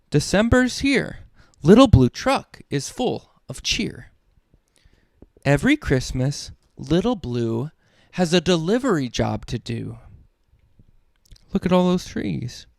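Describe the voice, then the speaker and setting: A dad reads children's picture books aloud with a lively, bouncing delivery and unhurried pacing. His voice sits fairly high for a man. The recording is dry and close, with faint music behind him. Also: gravelly, no echo. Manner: lively, sing-song reading with animal sounds. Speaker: children's book reader. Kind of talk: read-aloud storytelling for kids.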